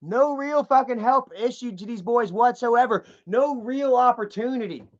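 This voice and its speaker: A man's voice: extremely high pitch, normal speed. A man giving profane, heated commentary to his viewers, ranting as he browses online pages. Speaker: commentary vlogger. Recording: dull lo-fi sound.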